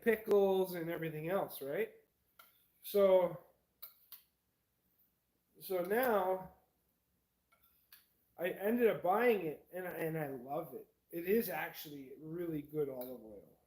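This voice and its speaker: Rambling high-voiced man vlogging casually. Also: a little mellow, rough recording. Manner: rambling, eats while talking. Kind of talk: casual chat to camera.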